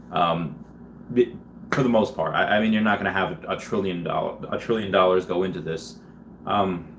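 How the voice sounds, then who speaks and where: A man hosting a casual livestream, reading viewer comments and rambling with many restarts, lively when he answers chat. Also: low-pitched, a little hiss or hum. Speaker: livestream host.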